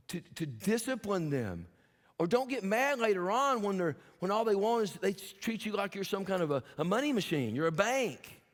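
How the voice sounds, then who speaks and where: An older male pastor delivers a sermon in a somewhat high voice, swinging between folksy, humorous storytelling and earnest, emphatic exhortation. His voice rings out with a long reverb that trails off through a church sanctuary.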